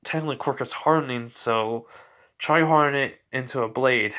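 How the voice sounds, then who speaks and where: A man's voice: mid-range voice, normal speed, sharp tone. A man improvising a fan-fiction story in a casual, rambling way, full of fillers.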